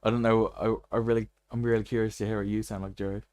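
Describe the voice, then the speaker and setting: A man chatting over a game stream in a low voice, joking with his audience and laughing often. The sound is dry and close to the mic. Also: flat delivery, quick pace, darkish tone, smooth, no room sound. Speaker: gaming streamer. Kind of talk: live gameplay commentary.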